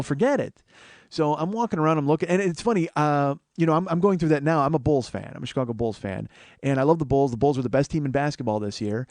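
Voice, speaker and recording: A man comedian telling a comic story in an animated, swearing, exasperated way. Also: on the high side, no echo. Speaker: comedian host.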